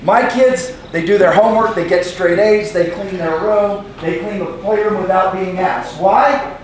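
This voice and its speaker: High-voiced, energetic male motivational speaker. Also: unhurried, slight background noise. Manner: energetic, leads the crowd in shouted affirmations. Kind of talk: motivational speech to a live audience. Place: room with a live audience. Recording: echoey room, far from the mic, loud music behind.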